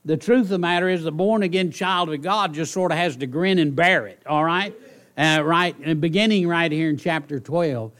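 A man's voice: fairly high pitch, moderate pace. A male pastor giving a sermon in a conversational, pleading manner, often checking in with the congregation. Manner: conversational, repeats "all right?" to the congregation; soft pleading delivery with bursts of emphasis.

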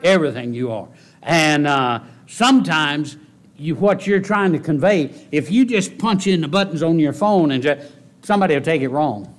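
A man preaching a sermon in a folksy way, repeating key phrases and rising into loud exhortation. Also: animated, moderate pace. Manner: rises to loud, high-pitched exhortation. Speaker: pastor.

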